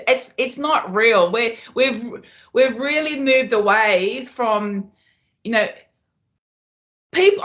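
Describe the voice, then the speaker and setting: A woman's voice: a little high, fairly bright tone. A woman guest on a podcast interview, talking passionately and often repeating words as she makes her point. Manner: passionate, repeats herself when emphasizing. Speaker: podcast guest, Muay Thai fighter. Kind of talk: casual interview.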